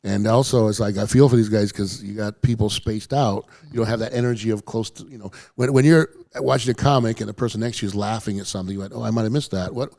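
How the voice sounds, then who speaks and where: A man's voice: lowish voice, steady tone, quick pace, gravelly, few pauses, a little mellow, no room sound, clean studio sound. A man who is a stand-up comedian guest, telling rambling stories on a radio show and acting out quoted voices. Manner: rambling, self-interrupting, acts out quoted voices. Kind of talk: casual storytelling chat. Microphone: studio headphones and mic.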